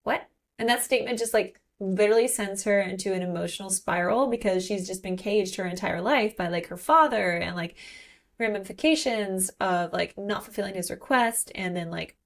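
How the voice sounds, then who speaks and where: A young woman hosts a podcast and recaps a book in a loose, chatty way. She scatters filler words everywhere and keeps a middle pitch. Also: moderate pace. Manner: chatty, filler-heavy, animated retelling. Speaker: podcast host.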